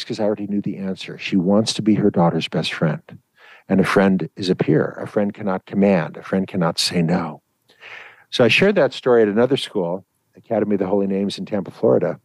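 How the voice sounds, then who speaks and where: A middle-aged male physician giving parenting advice on a call-in show in a measured, firm, storytelling way. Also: on the low side, dry recording.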